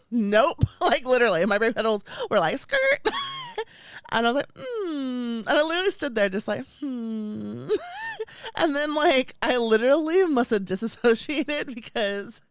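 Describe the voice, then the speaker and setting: A woman's voice: a little high, moderate pace, dry recording, clean studio sound. Chatty young woman telling a story. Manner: animated storytelling, many "like"s, laughs often. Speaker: podcast co-host. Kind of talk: casual chat.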